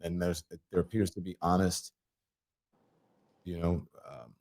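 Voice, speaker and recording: A man hosting an interview, asking probing questions gently, often restarting his sentences. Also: low voice, little pitch movement, a little slow. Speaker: interview host.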